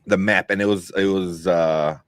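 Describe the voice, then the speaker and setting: A man co-hosting a podcast, chatting about a movie in a rambling, animated way with lots of fillers. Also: low-pitched, normal speed, dry recording, studio quality. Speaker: podcast co-host. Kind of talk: casual movie review chat.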